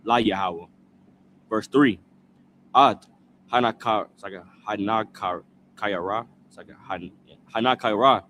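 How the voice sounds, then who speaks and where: Male scripture reader, bright-toned, slow and halting, sounds out words piece by piece. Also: on the low side, a little hiss or hum. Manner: halting, sounding out words, repeating after a prompter. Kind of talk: reading scripture aloud syllable by syllable.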